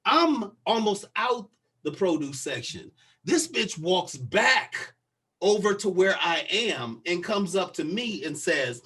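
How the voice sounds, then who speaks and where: A young man with a high, bright and husky voice tells stories on a casual podcast. He gets animated and acts out the people he quotes, loud and lively. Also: unhurried. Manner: animated storyteller who acts out quotes loudly. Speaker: podcast co-host. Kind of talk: casual chat, storytelling.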